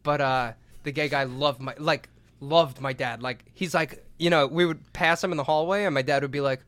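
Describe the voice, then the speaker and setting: A man's voice: on the high side, fairly even intonation, moderate pace, a bit bright, dry recording. A young man co-hosting a podcast, telling rambling, profane stories with lots of laughter. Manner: rambling, laughing, swearing freely. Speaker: podcast co-host. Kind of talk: casual storytelling chat.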